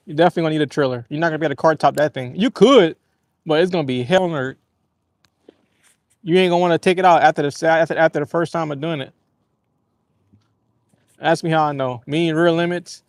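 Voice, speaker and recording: A man with a slightly higher voice rambles casually through a story while fishing from a kayak on a lake. His voice sounds dry and close, with hardly any echo around it. He tells stories in a relaxed way and laughs easily. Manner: rambling, laid-back storytelling with easy laughs. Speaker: fishing livestream host. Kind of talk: casual live-stream chat.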